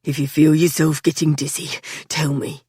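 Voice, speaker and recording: A woman doing a low-voiced stern young miner. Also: level tone, moderate pace, mellow, husky, no room sound, clean studio sound. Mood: tense. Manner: low, clipped, strained. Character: stern, desperate young male miner leader.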